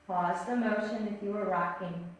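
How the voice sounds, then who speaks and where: A woman teaching a yoga class, giving calm, gently paced cues and counting breaths. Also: mid-range voice, normal speed. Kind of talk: guided yoga instruction. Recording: echoey room, voice from a distance.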